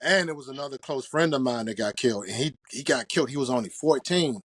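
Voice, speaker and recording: An earnest man answers in a candid, reflective way, restarting his phrases as he gathers his thoughts. His voice sits at an ordinary middle pitch. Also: fast talker, slightly rough, no room sound. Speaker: podcast guest. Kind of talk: reflective conversation.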